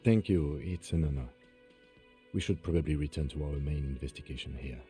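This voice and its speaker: A man voicing a stiff, formal male lieutenant in a put-on deep voice. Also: fairly quick, dark tone, faint music behind.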